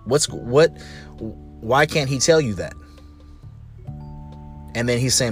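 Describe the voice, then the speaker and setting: A man's voice: medium pitch, takes it slowly, long pauses, faint music behind. A man speaking casually about relationships, telling stories and acting out what other people said. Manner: animated storytelling, mimicking others.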